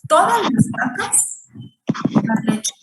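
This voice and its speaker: A woman's voice: sits high, big pitch swings, slow, very noisy. A woman teaching an online English grammar lesson over a video call, repeating each point and asking her students questions. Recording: roomy sound from far off the mic.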